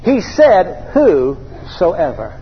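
A man's voice: high-pitched, wildly swooping pitch, very slow, long reverb tail, dull audio, slight background noise. A man preaching a sermon in a church, leading the congregation in call-and-response and repeating his phrases. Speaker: pastor.

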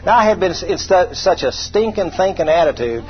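A man with a high, expressive voice preaches at a normal pace, telling stories in a folksy, conversational way. He pokes fun at himself and puts rhetorical questions to the congregation. The audio is dull, with faint music in the background.

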